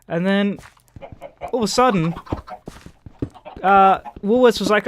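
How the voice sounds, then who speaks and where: An Australian man rambles through a laid-back gaming commentary, swearing freely and yelling at the chickens in the game. His voice sits a little high for a man. Game noise can be heard plainly behind him. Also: normal speed, long pauses. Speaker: gaming YouTuber. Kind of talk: casual rambling commentary while playing.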